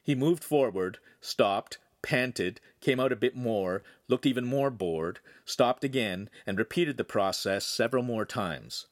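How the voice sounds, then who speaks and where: A man narrating a young adult science fiction novel in measured, even storytelling. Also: medium pitch. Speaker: audiobook reader. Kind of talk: scripted narration.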